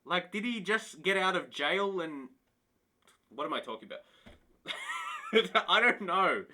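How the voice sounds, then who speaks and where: A man streams a football management game and talks straight to his chat, excitable and quick to burst into disbelief. His voice sits high and sounds very bright and forward. He speaks at an unhurried pace. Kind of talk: casual live-stream commentary.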